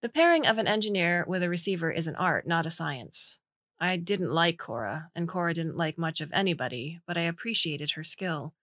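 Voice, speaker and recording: A woman narrating a science fiction short story in an even, clear storytelling manner. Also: lowish voice, fairly quick, no echo, studio quality.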